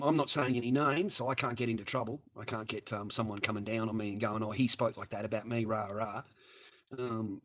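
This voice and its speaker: A man's voice: medium pitch, fairly bright tone. An Australian man chatting crudely on a livestream, swearing heavily and laughing often as he talks. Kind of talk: crude rambling livestream chat.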